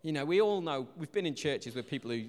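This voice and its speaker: A young man preaching a casual, jokey sermon in a church, telling stories in a lively, animated way. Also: a little high, quick pace. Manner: chatty, jokey, animated storytelling with shouted asides. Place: church hall. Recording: long hall reverb.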